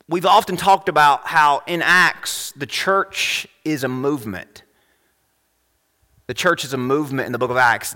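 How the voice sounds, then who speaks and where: A male pastor preaching a sermon, animated and full of rhetorical questions, swinging between loud and hushed. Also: a little high, in a large hall.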